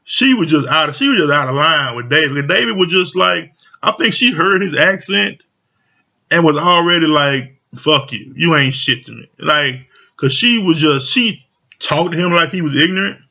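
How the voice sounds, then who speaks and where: A man's voice: a little high, animated, moderate pace, vocal fry, bright, forceful tone. A man casually recapping a reality show, talking loosely with lots of slang and fillers. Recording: dull lo-fi audio.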